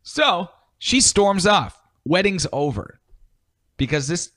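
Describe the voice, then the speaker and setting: A man's voice: sits high, very animated, slow pace, fairly bright tone. A man co-hosting a casual podcast, telling a story in a wry, self-mocking way. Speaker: podcast co-host.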